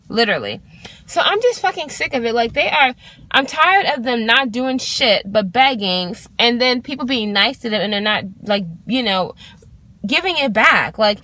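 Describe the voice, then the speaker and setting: A woman in her twenties telling an exasperated storytime rant to her vlog, swearing freely and talking in an animated way. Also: fairly high pitch, no echo. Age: 20s. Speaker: vlogger.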